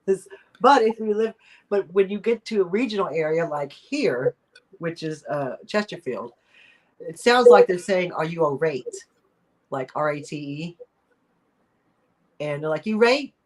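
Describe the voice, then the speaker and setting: A woman's voice: fairly low pitch, animated, a little slow, long pauses. A woman hosting a casual live-stream chat, talking in a rambling way with lots of fillers and little laughs. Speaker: host of a live chat show.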